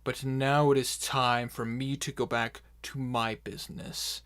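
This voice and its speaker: A man's voice: medium pitch, flat delivery, a little slow, a bit bright, smooth, close to an everyday voice. A man voicing a formal male herald addressing a crowd in a tabletop game. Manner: formal, speechmaking delivery.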